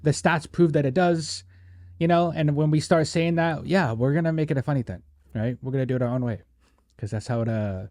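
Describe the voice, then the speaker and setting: A man's voice: on the high side, fairly quick, a little mellow, no echo, clean studio sound. A man hosting a casual podcast, rambling and joking with lots of fillers. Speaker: podcast host.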